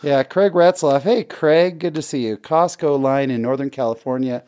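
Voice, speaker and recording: A middle-aged man hosting a talk show, telling stories in a lively, joking way and laughing often. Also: medium pitch, moderate pace. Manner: animated storyteller, laughs often. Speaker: radio show host. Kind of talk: casual talk-show chat.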